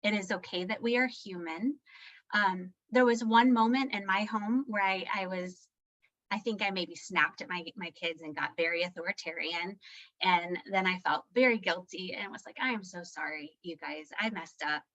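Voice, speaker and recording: A woman leads a parenting talk in a relaxed, conversational way and keeps tagging her points with a quick "right?". She is candid and self-deprecating about her own slips. The recording sounds slightly dull and lo-fi, and her voice sits at a medium pitch. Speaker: parenting workshop presenter. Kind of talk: live presentation.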